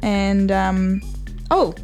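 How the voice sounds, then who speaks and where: A woman's voice: mid-range voice, steady tone, very slow, darkish tone, faint music behind. A woman with a New Zealand accent co-hosting a breakfast radio show, chatting casually and upbeat, weaving te reo Māori greetings into her English.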